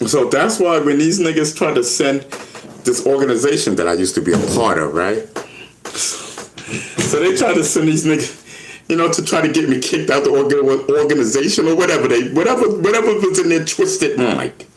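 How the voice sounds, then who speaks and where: Animated rambling New man. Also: a little high, moderate pace, a little hiss or hum. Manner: rambling, repeats words, animated retelling. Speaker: YouTube personality. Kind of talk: casual storytelling to viewers.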